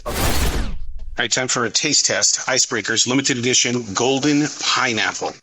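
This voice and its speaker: A man's voice: mid-range voice, normal speed, sharp tone, slight background noise. A man telling wry, emphatic stories from his customer service job in a casual vlog, tired and sore. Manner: folksy, emphatic, wry storyteller. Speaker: podcaster and customer service worker.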